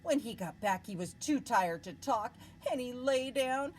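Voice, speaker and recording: A woman teacher reading a picture book aloud to children, stopping to ask them questions in an expressive way. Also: fairly high pitch, a little slow, a little hiss or hum, poor audio.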